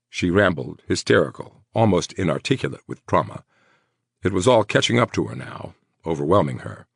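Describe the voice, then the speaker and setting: A man reading a horror audiobook in a dramatic, expressive narration. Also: low voice, normal speed, gravelly, slightly rough, dry recording, studio quality.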